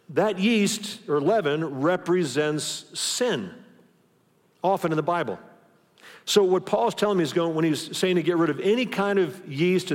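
A pastor giving a conversational sermon, often restarting his phrases as he works through the passage. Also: fairly high pitch. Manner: conversational preaching with frequent restarts. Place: church auditorium. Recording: long church hall reverb.

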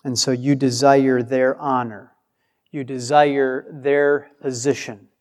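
Male preacher, unhurried and emphatic, lingering reverb of a large hall. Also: mid-range voice, flat delivery, darkish tone. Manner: emphatic, acts out quoted replies. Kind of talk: sermon.

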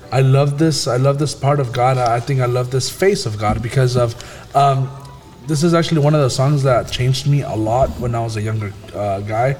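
A man hosting a casual faith discussion, talking in a halting way with many fillers and restarts. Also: medium pitch, a little mellow, big-room sound.

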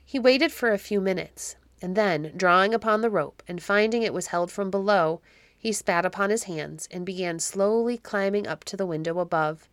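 A woman narrating a classic children's story in a measured, expressive reading. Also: medium pitch, no echo. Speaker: audiobook narrator.

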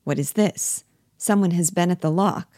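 A woman's voice: fairly low pitch, moderate pace, warm tone, dry recording, clean studio sound, lightly acted. Torvald Helmer read by a woman, patronizing husband. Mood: puzzled.

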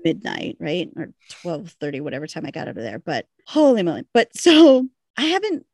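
Casual female co-host, lively storyteller with a wide pitch swing and a dry close sound. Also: moderate pace, no room sound. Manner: animated storyteller, laughing, swearing, acting out her own panic. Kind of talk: casual chat.

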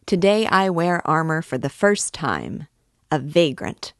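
A woman's voice: deep voice, big pitch swings, measured pace, no echo, clean studio sound, heavily acted. A woman voicing a brash, boastful young man in armor, speaking with swagger.

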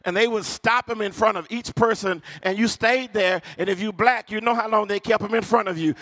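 A male pastor preaching a sermon, often shouting his lines, calling on the congregation to answer and telling funny stories. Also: sits high, a little fast, hardly any pauses, dry recording. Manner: calls on the congregation for responses; humorous storytelling with laughs.

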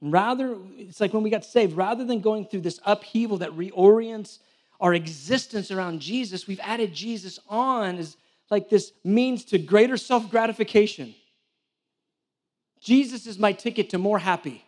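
A man delivers a sermon, his voice sitting unusually high for a man. He tells stories in an animated way, poking fun at himself along the way. He is speaking in a church before a live congregation. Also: moderate pace. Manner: animated storytelling with self-deprecating humor. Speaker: church director and preacher. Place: church hall with a live audience.

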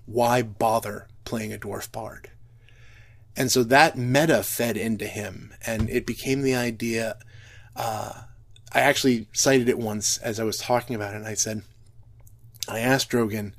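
An earnest man speaking to an audience in a reflective, personal way. His pitch sits in the middle of the range, and he often restarts his phrases as he thinks aloud.

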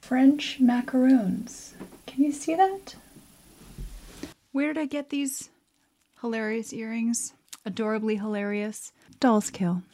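A woman's voice: on the high side, a little mellow, no echo. A woman hosting a podcast, chatting casually in a bubbly, giggly, rambling way. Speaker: podcast host. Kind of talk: casual chat.

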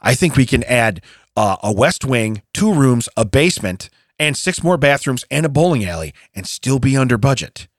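Podcast co-host, man, lively rant with acted-out quotes, dry close mic. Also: medium pitch, moderate pace, no echo. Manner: animated ranting, acts out quotes. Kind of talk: casual chat. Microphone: studio mic.

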